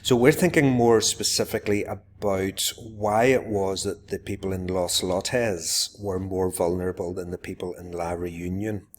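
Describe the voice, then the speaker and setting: A man's voice: low voice, fairly even intonation, unhurried, hardly any pauses, a little hiss or hum. A man, a teacher giving a live classroom demonstration, explaining to viewers and turning to address his pupils directly. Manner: explains to viewers, then calls out warmly to pupils.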